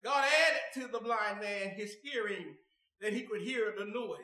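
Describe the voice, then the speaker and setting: A male preacher delivering a sermon, his lines swelling from talk into shouted, sung chanting. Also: high-pitched, a little slow. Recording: echoey room with faint music.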